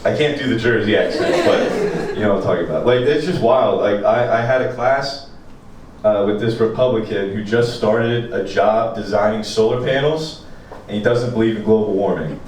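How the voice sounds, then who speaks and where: A man's voice: fairly low pitch, normal speed, darkish tone. A young man from rural Pennsylvania doing a loose, profane, self-mocking stand-up set. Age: young adult. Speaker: stand-up comedian. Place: small apartment comedy show. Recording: echoey room, distant, noisy.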